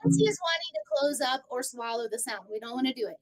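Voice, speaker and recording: A woman singing teacher leading a live group voice lesson, coaching warmly and singing warm-up syllables to demonstrate. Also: high voice, animated, fast talker, low-quality recording. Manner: encouraging, coaching between sung vocal drills.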